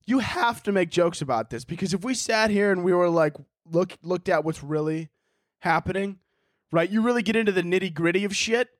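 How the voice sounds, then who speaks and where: High-voiced young man ranting on his podcast. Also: fairly quick, no echo, clean studio sound. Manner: animated, profane, mocking impressions of people. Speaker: podcast host. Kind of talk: casual solo podcast rant. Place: indoors at home.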